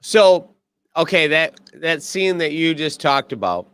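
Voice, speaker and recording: A man's voice: a little high, expressive, unhurried, a bit bright, clean tone, no echo. A middle-aged man co-hosting a podcast, chatting casually, swearing freely and acting out movie quotes. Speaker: podcast co-host. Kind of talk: casual chat.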